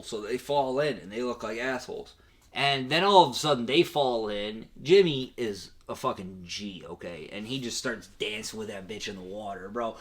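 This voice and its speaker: A guest comedian with a medium-pitched voice, speaking at normal speed, gives a crude, profane comedic recap of an old film. His retelling is animated, and he acts out the characters' lines.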